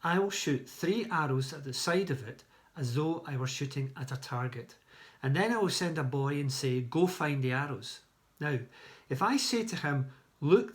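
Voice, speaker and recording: A man's voice: medium pitch, lightly acted. A man voicing a loyal young prince giving earnest, careful instructions to a friend.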